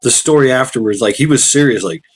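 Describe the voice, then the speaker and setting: A man hosting a podcast in casual chat, rambling with many halting restarts. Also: medium pitch, a little hiss or hum. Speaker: podcast host.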